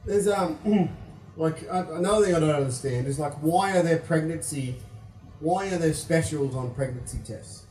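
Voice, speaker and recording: A man's voice: on the high side, normal speed, darkish tone, recorded from a distance, soft background music. A young Australian man doing a stand-up comedy set, rambling and self-deprecating with lots of swearing. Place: comedy venue with live audience. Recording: echoey room, mic picked up from afar.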